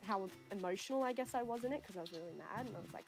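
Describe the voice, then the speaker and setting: A woman talks casually and at length, her speech full of "like" and "um". Her voice sits at a middling pitch, with game music clearly playing behind her. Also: expressive, rapid-fire. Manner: chatty and peppered with "like" and "um". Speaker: stream guest and video creator. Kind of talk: casual chat.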